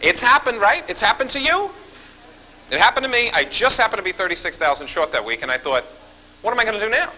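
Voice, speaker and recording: This high-pitched, fast-talking man is recorded on poor audio with a little hiss or hum. As a seminar speaker telling stories, he's animated, acting out phone calls and regularly addressing the audience.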